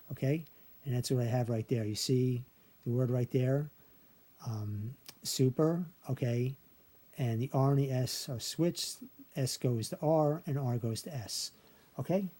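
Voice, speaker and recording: Man with a dark, husky voice. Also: mid-range voice, a little slow. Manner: repeats "okay" after nearly every phrase, counts syllables aloud. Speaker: video creator teaching a memory trick. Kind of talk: casual screen-share explanation.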